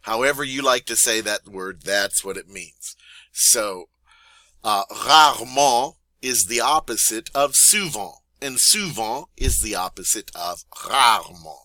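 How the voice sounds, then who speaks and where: A man teaching French vocabulary in a playful, chatty way, repeating each word slowly and teasing his students. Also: fairly low pitch, bright, forceful tone, no echo. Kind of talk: vocabulary lesson.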